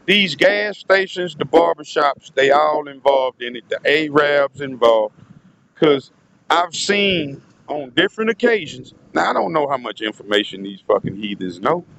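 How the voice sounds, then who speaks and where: Man vlogger with a raised pitch, telling a long profane story straight to his audience. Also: animated, unhurried, gravelly, highs cut off, crowd noise. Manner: rambling, profane, keeps addressing the audience. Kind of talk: casual storytelling monologue.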